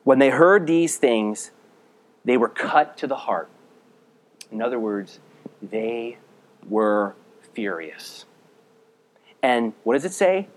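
A man preaching a sermon as a pastor, reading scripture aloud and explaining it, speaking directly to his listeners and dropping to a low, quiet voice for emphasis. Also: expressive, slow, long pauses. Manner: earnest, direct address to listeners.

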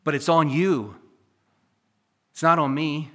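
A man delivering a sermon from the pulpit, his fairly high voice swinging between emphatic, almost shouted peaks and hushed, confiding asides. He preaches directly at his listeners, pressing each point home. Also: slow pace. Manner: preachy, rises to near-shouting then drops to a hush. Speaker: pastor.

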